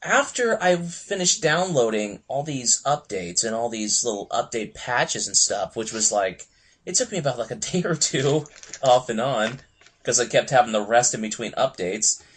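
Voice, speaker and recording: A man's voice: mid-range voice, expressive, normal speed, a bit bright, slightly rough. A man co-hosting a casual gaming podcast, rambling with lots of fillers and laughing often. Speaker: podcast co-host. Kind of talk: casual chat.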